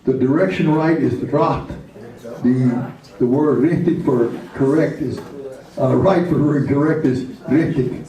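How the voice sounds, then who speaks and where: A man teaching vocabulary to a class, slowly repeating each word and phrase, recorded from a far camera in a community room. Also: mid-range voice, a crowd in the background. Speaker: language teacher. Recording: echoey room from far off with people around.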